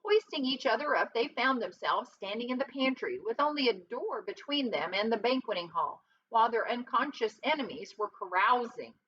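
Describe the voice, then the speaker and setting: A woman reads a storybook aloud with lively expression and drops in short asides now and then. Her voice is bright and a bit high, and it comes through a dull, lo-fi recording with a faint hiss behind it. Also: moderate pace, hardly any pauses. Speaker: reader.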